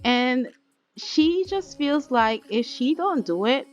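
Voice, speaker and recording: A woman's voice: high voice, animated, slow, dull audio. A woman hosting a game let's play, narrating in a chatty, dramatic way straight to her viewers. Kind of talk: casual game commentary. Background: faint music.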